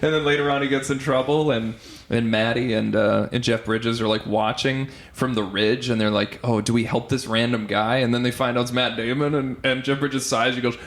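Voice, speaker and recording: A man's voice: mid-range voice, a little fast, roomy sound, a little hiss or hum. A man hosting a casual podcast, joking around and dropping into silly impressions. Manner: jokey, animated, slips into silly impressions. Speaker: podcast host.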